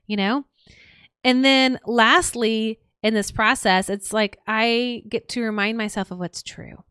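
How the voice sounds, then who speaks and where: Earnest woman podcast host, smooth voice. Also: on the high side, normal speed, fairly bright tone, no echo, clean studio sound. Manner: earnest, repeats phrases in lists, frequent "like" fillers. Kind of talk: solo reflective podcast talk.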